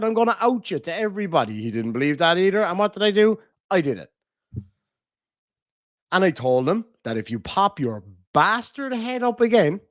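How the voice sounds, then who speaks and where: A man's voice: a little high, no echo. Profane ranting Irish man, dry sound. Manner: profane, ranting, reads viewer messages aloud. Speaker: live-stream host. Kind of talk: casual live-stream chat.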